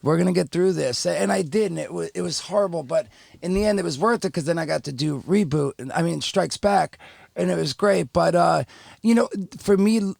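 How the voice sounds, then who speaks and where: A man's voice: on the high side, a little fast, gravelly, a little mellow, dry recording, clean studio sound. A middle-aged man, telling a story candidly and rambling as a podcast guest, full of fillers and restarts. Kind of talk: casual storytelling.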